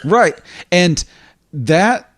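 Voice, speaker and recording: Man in relaxed dry podcast chat. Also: high-pitched, very slow, dry recording. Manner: thoughtful, acts out lines in character. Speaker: podcast co-host. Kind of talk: casual chat.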